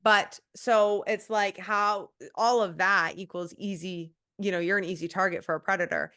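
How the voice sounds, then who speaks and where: A woman's voice: mid-range voice, fairly even intonation, moderate pace, bright, forceful tone, clean tone. A woman who used to be a police officer, talking bluntly and emphatically in a casual interview, now and then swearing. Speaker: guest, former police officer and coach.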